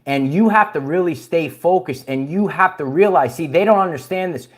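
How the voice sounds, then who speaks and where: A man's voice: a little high, normal speed. A man hosting a casual spiritual livestream, rambling with many restarts and chuckles while he greets viewers and reads their comments. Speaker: livestream host.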